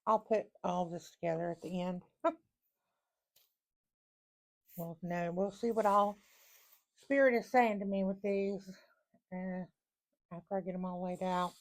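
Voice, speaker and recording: A woman's voice: on the low side, fairly even intonation, a little slow, long pauses. A woman giving a casual tarot reading to her viewers, chatty and folksy, thinking aloud as she lays out cards. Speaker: tarot reader.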